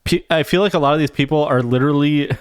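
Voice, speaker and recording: Smooth-voiced man ranting on stream. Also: on the high side, fast, no room sound, studio quality. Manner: animated, profane, laughing, rambling tangents. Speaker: streamer reacting to a debate. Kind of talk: casual live-stream commentary.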